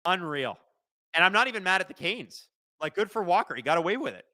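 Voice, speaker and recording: A young man hosts a live hockey watch-along, narrating the action in fast play-by-play. His voice sits high and sounds bright and forceful. He gets loud and profane when he is angry at the referees. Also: dry recording, studio quality. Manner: excitable, shouts and swears at the referees. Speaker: live stream host watching a hockey game.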